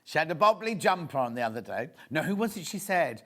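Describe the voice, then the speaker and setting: On a live TV shopping show in a studio, a male presenter chats and gossips enthusiastically while showing off fabrics. His voice is a little high and fairly bright, expressive and fast with few pauses.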